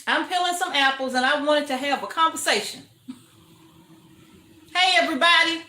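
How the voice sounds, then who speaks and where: An older woman chats away on a home livestream, calling out greetings to viewers and laughing often. Her voice sits high and bright, and her talk runs slow and easy. The kitchen around her rings with echo. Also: a little hiss or hum. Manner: chatty, greets viewers warmly, frequent laughter. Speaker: homestead livestream host. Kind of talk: casual livestream chat.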